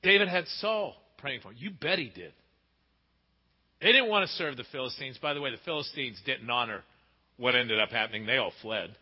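A man preaching a sermon emphatically, asking rhetorical questions and swinging between loud and hushed delivery. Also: medium pitch, expressive, normal speed, slightly rough. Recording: muffled with long hall reverb.

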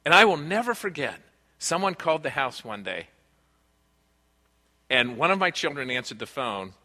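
The pastor's sermon is earnest and conversational, full of personal stories about family life. He speaks at normal speed in a fairly high, sing-song voice with a sharp tone, and a large hall adds long reverb.

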